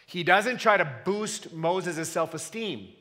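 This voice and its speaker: Male pastor, sermon, earnest and emphatic, bright forceful voice, long church reverb. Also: high-pitched, expressive, takes it slowly. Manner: earnest, emphatic, rhetorical questions to the congregation.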